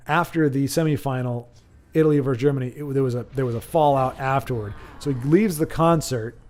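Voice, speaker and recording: A man's voice: mid-range voice, a little mellow. A man hosting a live stream in a rambling, chatty way, reading viewer chat aloud and laughing often. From United States. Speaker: stream host.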